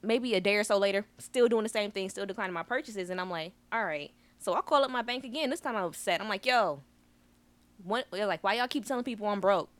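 A woman co-hosting a podcast, telling a story in a lively, slangy way and acting out both sides of phone calls. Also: mid-range voice, a little fast. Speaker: podcast co-host. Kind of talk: casual chat.

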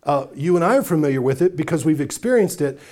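A man's voice: fairly high pitch, expressive, fast talker, a little mellow. A man preaching a sermon as pastor, talking earnestly and with emphasis, stacking up lists and putting questions straight to his congregation.

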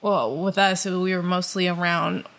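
A woman co-hosting a podcast, sharing reflective stories in casual, expressive chat. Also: fairly low pitch, measured pace. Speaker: podcast co-host.

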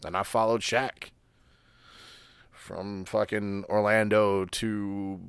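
A man's voice: on the low side, little pitch movement, takes it slowly, clear, resonant tone, no room sound. A man co-hosting a podcast, chatting casually about sports in a rambling, profane, laid-back way. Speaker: podcast co-host.

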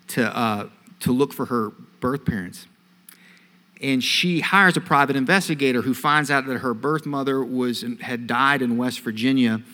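A male pastor preaches in earnest at a middle pitch, telling a story and rising in force on the phrases he stresses. His voice rings with the long reverb of a large hall. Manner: earnest storytelling, swells louder on key phrases. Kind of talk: sermon.

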